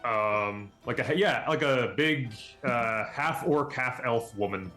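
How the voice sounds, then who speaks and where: A man's voice: mid-range voice, slow pace, sharp tone. A man playing a tabletop game, talking casually with hesitant ums. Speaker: player. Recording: roomy sound with faint music.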